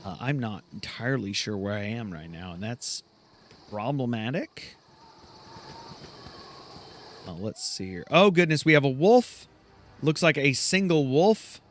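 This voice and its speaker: A man's voice: mid-range voice, very animated, normal speed, a little hiss or hum. A man commenting on his gameplay in a rambling, chatty, self-deprecating way. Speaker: gameplay host. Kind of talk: let's play commentary.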